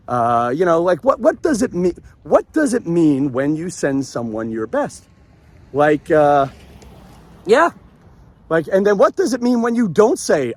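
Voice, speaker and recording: A man's voice: high-pitched, moderate pace, dry recording. A man in his forties hosting a podcast, talking in a joking, rambling way while walking outdoors at a beach and recording on a handheld phone. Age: 40s. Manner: animated, joking, rambling asides. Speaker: podcast host. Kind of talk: walking vlog monologue.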